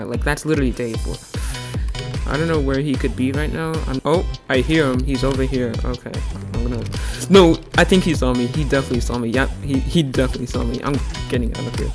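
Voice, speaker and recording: An excitable man talks through his gameplay in a casual, chatty way, now and then breaking into sudden loud exclamations. His pitch sits in an ordinary middle range. Music plays clearly underneath him. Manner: excitable, quick outbursts of exclamation. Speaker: gaming channel host. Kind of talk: casual gameplay commentary and voice-over. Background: background music.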